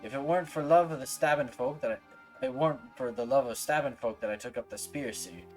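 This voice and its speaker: A man voicing a grumbling low-born soldier from a game, reading in a rough, folksy, low-key manner. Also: a little fast, darkish tone, soft background music, close to an everyday voice. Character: grumbling common male soldier.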